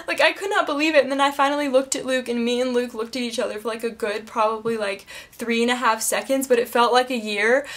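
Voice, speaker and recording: A woman vlogger telling an excited storytime, gushing and emotional, close to tears, packed with "like.". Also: high voice. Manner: gushing and breathless, heavy use of "like". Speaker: beauty vlogger.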